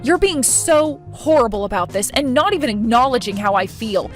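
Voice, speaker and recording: A woman's voice: fairly high pitch, expressive, normal speed, natural voice. A woman voicing a humiliated young bride in an acted relationship story, indignant and accusing. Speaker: voice actor in a story video. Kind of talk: scripted voice acting. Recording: faint background music.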